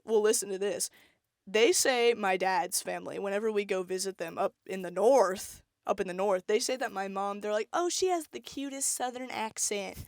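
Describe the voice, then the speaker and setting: A young woman co-hosting a casual podcast, lively and quick to laugh as she tells stories. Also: medium pitch, no room sound, clean studio sound. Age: young adult. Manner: lively, laughs often, storytelling. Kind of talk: casual chat.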